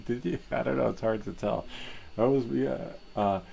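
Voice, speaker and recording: A man's voice: mid-range voice, measured pace, creaky, mellow, low-quality recording. A man hosting a live stream, chatting casually and rambling, laughing easily.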